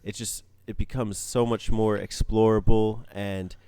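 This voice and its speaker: A man co-hosting a gaming podcast, talking in a relaxed, rambling way with plenty of fillers. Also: on the low side, measured pace, clean tone, no echo. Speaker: podcast co-host. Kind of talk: casual gaming podcast chat.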